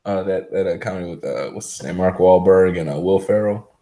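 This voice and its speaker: A man co-hosting a casual comics chat, retelling scenes in a lively storytelling way. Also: low voice, brisk, a crowd in the background. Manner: storytelling, lively, laughs a lot. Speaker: podcast co-host.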